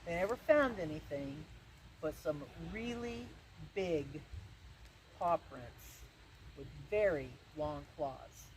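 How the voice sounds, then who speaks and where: A woman telling a spooky story in a folksy, halting way, with many restarts. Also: low voice, expressive, slight background noise, rough recording. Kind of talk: spoken ghost-story telling. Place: outdoor event.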